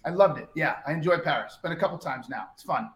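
A man's voice: on the high side, lively intonation, fast talker. A man hosting a sales coaching show, talking in a brash, direct and upbeat way. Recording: echoey room.

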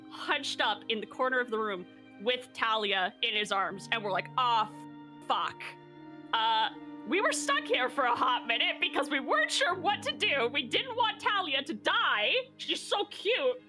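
A woman recapping a tabletop game session in casual narration, animated and laughing, often swearing and acting out quotes. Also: on the high side.

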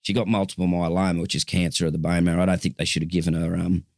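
Australian man, fifties, low voice, dry close sound, rambling storyteller. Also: flat delivery, racing, vocal fry, darkish tone, dry recording. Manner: chatty storyteller, rambling with restarts. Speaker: guest. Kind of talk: casual chat.

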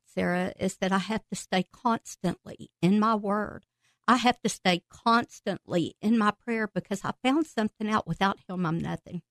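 A woman with a medium-pitched voice tells her personal faith story as a guest on a podcast, laughing and breaking out excitedly as emotion carries her. There's no room sound at all.

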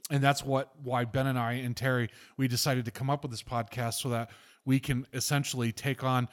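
A man hosting a casual podcast, telling stories with animated, irreverent energy that turns preachy when he makes a point. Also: medium pitch, brisk. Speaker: podcast host.

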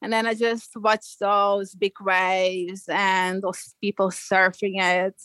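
Slow and medium-pitched, a young Belgian woman tells a surfing story in casual talk as a guest surfer, animated, laughing often, and voicing what people said. Poor audio, no echo.

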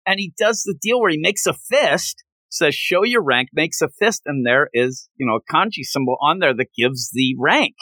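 Bright-toned man recapping a manga. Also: a little high, moderate pace, few pauses, no echo. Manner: animated, recaps scenes by acting out the lines. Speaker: podcast co-host. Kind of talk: casual manga discussion.

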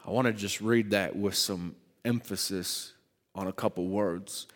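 A man preaching a sermon as pastor, starting in a low conversational voice and building to loud, rising emphasis, with slow, stressed scripture reading. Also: fairly even intonation, in a large hall. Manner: reads scripture slowly with heavy emphasis. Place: church sanctuary.

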